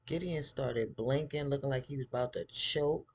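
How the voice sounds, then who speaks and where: A man casually recapping a TV episode, chatty and animated, acting out the characters' lines in a style. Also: mid-range voice, a little slow, husky. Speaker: TV show recap host.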